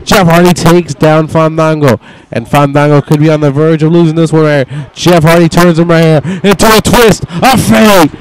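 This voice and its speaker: A man's voice: fairly high pitch, fairly even intonation, normal speed, dry recording, rough recording. A young man giving casual, mock play-by-play commentary over a wrestling video game, swearing and voicing the wrestlers' thoughts in asides. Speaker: gameplay commentator.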